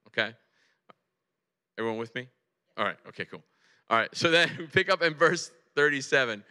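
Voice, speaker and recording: A man in his forties preaching a sermon in a large hall, conversational and animated, often checking in with his listeners. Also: mid-range voice, smooth. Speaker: pastor. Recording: long hall reverb.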